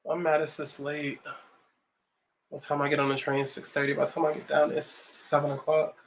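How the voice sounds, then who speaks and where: Her voice is low and fairly flat in pitch, moving at a moderate pace. She's a New York vlogger around thirty, cursing freely and talking with sass while putting on makeup at home for a casual get-ready-with-me.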